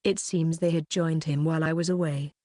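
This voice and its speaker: Low-voiced woman narrating an audiobook. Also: fairly even intonation, a little fast, dark tone, no room sound, studio quality. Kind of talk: reading a web novel aloud.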